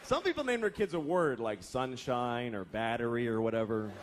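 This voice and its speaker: A man in his thirties speaks at a moderate pace, animated, performing a profane stand-up set on a comedy club stage. He slips into acted voices, including deep groaning mimicry. The live club recording carries crowd laughter and noise.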